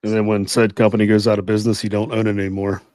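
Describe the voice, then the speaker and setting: A fairly low-voiced man drops dry, teasing remarks into the conversation. His voice sounds close and dry, with no room around it. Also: completely flat delivery, very fast, darkish tone, no echo. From grew up on a farm. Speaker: podcast co-host. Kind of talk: casual chat.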